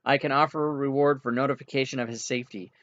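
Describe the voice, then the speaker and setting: A man's voice: mid-range voice, steady tone, fast, a bit bright, natural voice. A man voicing a friendly male furbolg healer with polite, pleading formal speech, on a dull, dry lo-fi recording.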